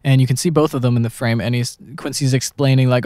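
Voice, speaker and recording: Animated man telling studio stories. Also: mid-range voice, fast, dry recording. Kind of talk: casual podcast chat, storytelling.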